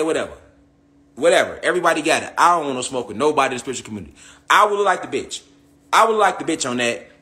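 Bright-voiced man on a heated, profane rant. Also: sits high. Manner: heated, repetitive, profane, with rhetorical tag questions. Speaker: online spiritual commentator.

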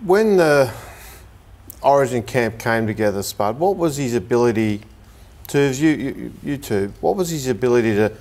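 A man in a mid-range voice questions a guest on a sports panel. He stumbles and restarts, then tells a story with energy. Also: medium pitch. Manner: halting questions, lively anecdote. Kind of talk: TV panel discussion.

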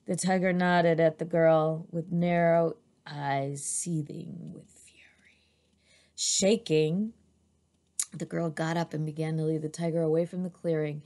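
A woman's voice: sits low, steady tone, measured pace, darkish tone. A woman reading a children's adventure chapter aloud as narrator, with an occasional restart.

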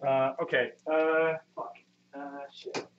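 A man in his thirties speaks slowly in a level, mid-range voice over background noise. Streaming live from a home kitchen with muffled lo-fi sound, he chats casually with viewers, rambling, cursing, and putting himself down.

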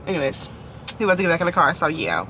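A man's voice: a little high, big pitch swings, very fast, bright, forceful tone, a little hiss or hum. A man vlogging from inside a parked car, rambling and apologizing as he chats. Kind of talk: casual chat.

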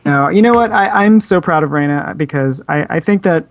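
Higher-voiced man, dry remote line. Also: brisk, no room sound. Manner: earnest, with many "you know" fillers. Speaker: guest cartoonist. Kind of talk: casual chat. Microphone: calling in over the internet.

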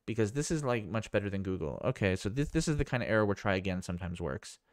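A man's voice: lowish voice, animated, fast, no echo, clean studio sound. A man vlogging a casual screen demo, rambling and thinking aloud with amazement. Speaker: tech vlogger.

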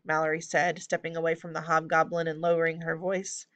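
A woman narrating a children's fantasy book aloud in a steady, clear reading voice. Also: low-pitched, fairly quick, few pauses. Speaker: audiobook reader. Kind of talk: storybook narration.

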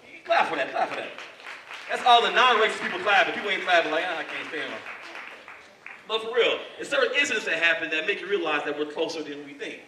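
Animated, high-voiced male stand-up comic. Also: quick pace, crowd noise, noisy background. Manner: animated storytelling. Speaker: stand-up comedian and host. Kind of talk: stand-up comedy. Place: live comedy club. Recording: echoey club, distant mic.

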